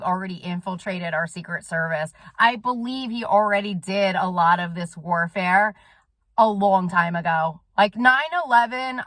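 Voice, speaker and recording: A woman's voice: medium pitch, a bit bright, dry recording. A woman talking straight to her viewers in a casual monologue, intense and rambling, with frequent swearing. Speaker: soul coach and vlogger. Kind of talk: casual direct-to-camera monologue.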